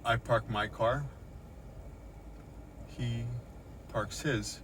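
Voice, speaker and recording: A shaken middle-aged vlogger sits in a parked car in a parking lot, recounting an encounter in an agitated first-person account full of swearing and repetition, recorded on a phone. His voice is medium-pitched and steady, a bit bright, and very slow, with slight background noise.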